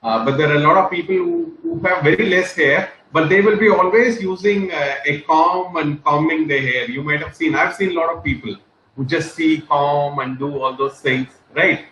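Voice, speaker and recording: Man, bright forceful tone, chatty and repetitive, roomy dull sound. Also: a little high, normal speed, a little hiss or hum. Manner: chatty, repeats himself, many fillers. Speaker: English class host. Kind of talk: casual group chat.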